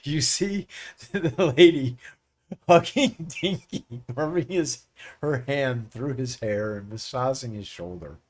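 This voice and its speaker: A man's voice: medium pitch, takes it slowly. A man narrating as game master in a tabletop game, often laughing as he narrates.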